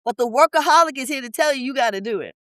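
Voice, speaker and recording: A woman's voice: sits high, lively intonation, rapid-fire, fairly bright tone, dry recording, poor audio. A woman business coach talking in a podcast interview, blunt and colloquial, firing off rhetorical questions with emphasis. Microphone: podcast studio mic.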